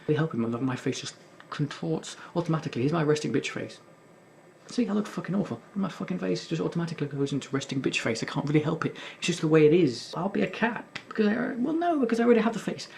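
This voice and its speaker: A man's voice: fairly high pitch, gravelly, a little mellow, a little hiss or hum. A young man hosting a gaming video, rambling in casual sardonic commentary and swearing often. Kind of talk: casual commentary while playing.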